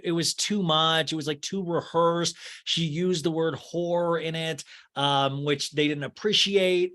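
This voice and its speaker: A man's voice: fairly high pitch, a bit bright. A man hosting a casual solo podcast, gossiping and laughing as he recaps, swearing freely and sarcastically mimicking the people he talks about. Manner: sarcastic, mimicking cast members in exaggerated voices. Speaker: podcast host.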